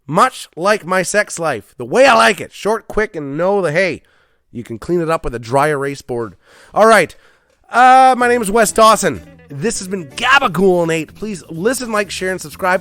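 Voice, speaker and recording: A man's voice: sits high, very animated, moderate pace, bright, forceful tone, faint music behind. A man hosting a solo comedy podcast from his garage, rambling, self-deprecating and swearing often. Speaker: podcast host. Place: home garage.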